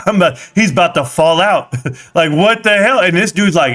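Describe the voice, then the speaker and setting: A man in his thirties hosting a live stream, talking in an excitable, rambling way, telling stories and swearing freely. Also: fairly high pitch, normal speed. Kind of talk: casual live-stream chat.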